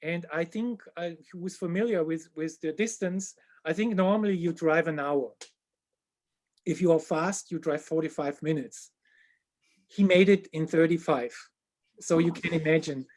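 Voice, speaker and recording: A man with as his telling a funny tour story in casual chat, animated and dropping to a hushed voice at embarrassing moments. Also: fairly high pitch, moderate pace.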